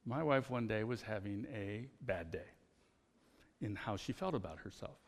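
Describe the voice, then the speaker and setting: A man preaching a conversational sermon as pastor, telling personal stories in an animated way. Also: on the low side, normal speed, in a large hall.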